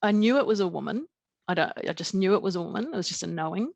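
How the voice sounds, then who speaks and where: Woman, New Zealand accent, middle-aged, podcast guest, earnest halting storyteller, gravelly. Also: mid-range voice, animated, darkish tone, no echo. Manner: earnest, halting storytelling with many fillers and restarts. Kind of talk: recounting a personal experience in an interview.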